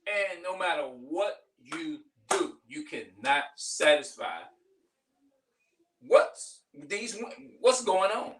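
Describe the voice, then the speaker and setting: A man's voice: fairly high pitch, sing-song, slow pace, recorded from a distance. A middle-aged man venting in a heated, profane, rambling monologue, repeating himself as he goes. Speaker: vlogger.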